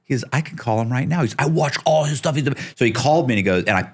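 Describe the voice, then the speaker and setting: A man's voice: mid-range voice, animated, racing. A middle-aged man telling a story as a podcast guest, acting out the people he quotes and swearing casually.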